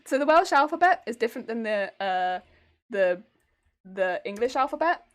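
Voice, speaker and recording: A woman's voice: on the high side, sing-song, moderate pace. A woman streamer chatting casually with her viewers, laughing often and restarting her sentences.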